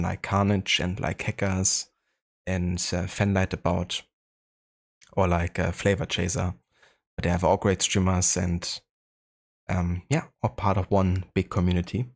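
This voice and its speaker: A German-accented man hosting a live game stream, his voice sitting very low and deep. He talks in a relaxed, easygoing way, greeting viewers and thinking aloud with plenty of small fillers. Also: moderate pace, creaky. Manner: laid-back, chatty, greets viewers, frequent fillers. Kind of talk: casual live-stream chat.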